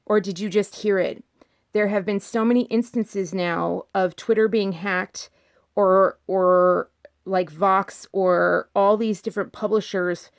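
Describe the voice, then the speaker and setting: A woman vlogger talking in casual commentary, repeating her points and firing off rhetorical questions, her pitch jumping up when she gets emphatic. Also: creaky. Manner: insistent, repeats herself, fires rhetorical questions.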